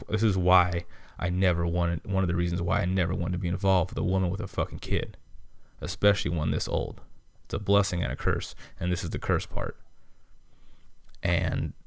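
Podcast host, male, low gravelly voice, dry close sound, swears constantly, rambling and irritated. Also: dry recording. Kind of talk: casual storytelling monologue.

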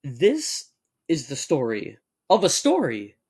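A young man co-hosting a casual chat, joking and laughing often, and reading text aloud at a measured pace. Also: fairly high pitch, wildly swooping pitch, darkish tone, breathy edge. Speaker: podcast co-host.

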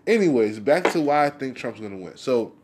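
A man's voice: mid-range voice, expressive, fairly quick. Swearing, heated man ranting. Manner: profane, heated, rambling with restarts. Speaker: vlogger. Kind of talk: casual monologue rant.

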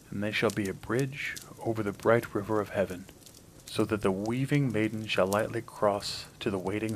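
A man's voice: lowish voice, a little hiss or hum, close to an everyday voice. A stern old father god, as a man reads him.

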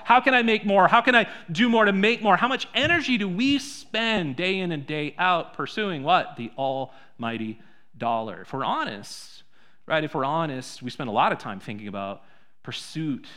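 A man preaching a sermon in a church, conversational, full of rhetorical questions, swinging between soft and loud. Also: high voice. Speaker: pastor.

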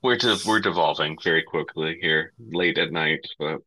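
A man in his thirties, co-hosting a casual late-night podcast chat and acting out quotes with big jumps in pitch. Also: moderate pace, pushed and bright, no echo, low-quality recording. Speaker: podcast co-host.

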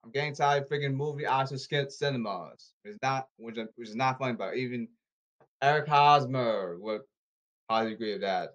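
A man ranting about baseball and social media in repetitive, halting bursts. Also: medium pitch, a bit bright. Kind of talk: rambling ranting commentary.

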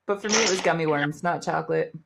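A woman's voice: sits low, fast, vocal fry, noisy background. A woman hosting a casual chat, laughing along and cheering on her guest.

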